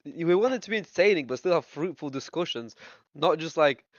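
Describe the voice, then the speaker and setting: A man's voice: fairly high pitch, lively intonation, fairly quick, no room sound. A man hosting a casual voice-chat discussion, teasing and stumbling over restarts. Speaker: discussion host. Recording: muffled lo-fi voice chat.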